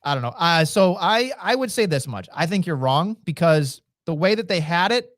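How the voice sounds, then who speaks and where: A man's voice: a little high, big pitch swings, normal speed, a bit bright, no room sound, studio quality. A man co-hosting a podcast, talking in casual, joking banter and swearing freely. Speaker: podcast co-host.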